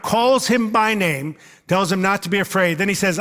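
A man preaching a sermon to his congregation in a relaxed, conversational way, with frequent "uh" fillers and asides to the listeners. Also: high voice, normal speed. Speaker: pastor. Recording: long reverb of a large hall.

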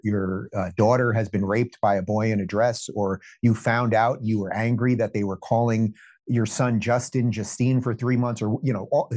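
A man's voice: on the low side, darkish tone. Scornful man as talk show guest. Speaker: guest commentator. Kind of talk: political talk show conversation.

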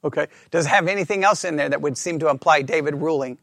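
A high-pitched man leads a Bible class. He thinks out loud, restarts his sentences, and keeps asking the room whether they agree. The sound is dry and close, with almost no room echo. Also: fast, vocal fry. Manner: checks in with listeners often, asking for agreement; talks through ideas out loud with restarts. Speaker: Bible study teacher.

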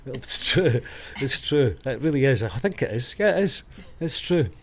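A man's voice: mid-range voice, very animated, moderate pace. A middle-aged man from Scotland with a Scottish accent, chatting as a guest and telling rambling stories that he corrects as he goes. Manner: rambling storyteller, self-correcting. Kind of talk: casual interview chat.

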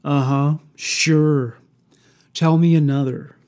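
A soft-spoken male killer, coldly calm and mocking, as a man reads him aloud. He talks slowly and unhurriedly. His voice sits slightly high.

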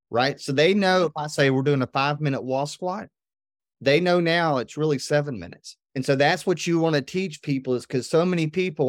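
Brief: male podcast guest, lively and emphatic storyteller, mid-pitched voice, dry close recording. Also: dry recording. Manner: energetic, emphatic, often adds "right?". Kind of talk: animated storytelling in conversation.

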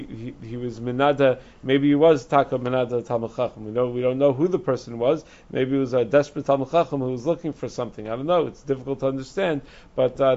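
A man's voice: medium pitch, a little mellow. Man teaching Talmud, fumbling restarts. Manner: explanatory, many restarts and fillers. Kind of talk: Talmud lecture. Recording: dull lo-fi recording.

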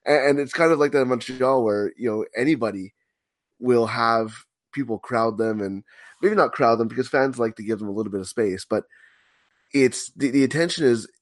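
A man guesting on a sports podcast, talking in a measured, analytical way and often repeating words as he thinks. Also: mid-range voice, no echo. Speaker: podcast guest, hockey blogger. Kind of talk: casual sports podcast chat.

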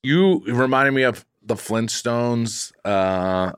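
A man with a Boston accent, co-hosting a podcast, telling stories in a halting, rambling way full of restarts. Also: mid-range voice, clear, resonant tone, no room sound, clean studio sound. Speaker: podcast co-host. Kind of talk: casual comedic chat.

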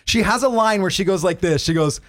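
A man co-hosting a comedy podcast, talking in an animated, swearing rant and mimicking radio voices. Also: high voice, brisk, no room sound, studio quality. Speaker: podcast co-host. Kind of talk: casual comedy chat.

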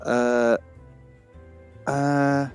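A man's voice: mid-range voice, little pitch movement, very slow, clean tone, soft background music. A man co-hosting a casual podcast, teasing and asking lots of questions. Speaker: podcast co-host. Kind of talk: casual chat.

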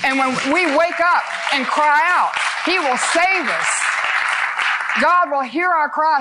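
An older woman preaching fervently, telling Bible stories with emphatic, dramatic pauses. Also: high voice, fairly bright tone. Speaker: guest speaker.

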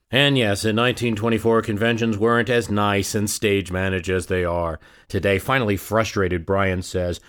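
Low-voiced man narrating a history story. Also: steady tone, normal speed, few pauses, a bit bright, clean tone. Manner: storytelling, rhetorical questions, varied emphasis. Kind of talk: dramatic scripted narration.

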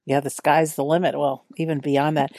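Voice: mid-range voice, flat delivery, moderate pace, a little mellow, dry recording, clean studio sound. A podcast host asking a guest questions in a friendly, casual manner. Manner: friendly, interjecting briefly. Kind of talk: casual interview talk.

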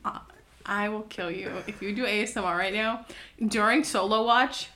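A young woman co-hosting a podcast in casual chat, playful and mock-threatening, laughing quickly. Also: medium pitch, bright, forceful tone, a little hiss or hum. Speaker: podcast co-host. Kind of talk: casual chat, watching a movie together.

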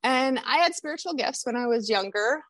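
Candid woman with a higher voice. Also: animated, moderate pace, fairly bright tone, no room sound. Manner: candid, confessional. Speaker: podcast guest. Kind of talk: personal storytelling.

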